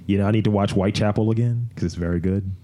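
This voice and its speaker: Dude cohosting a podcast, kinda low voice, swears a lot, gets worked up telling stories. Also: male voice, racing. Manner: profane, animated storyteller. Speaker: podcast co-host. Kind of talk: casual chat.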